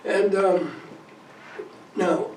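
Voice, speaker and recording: Guy talking to a group, highish voice, far from the mic in a big echoey room, fixes his own slip-ups. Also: fairly even intonation, drawn-out words, background noise. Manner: reads quotes aloud with small slips and self-corrections. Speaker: support group presenter. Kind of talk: talk reading quotes to a group.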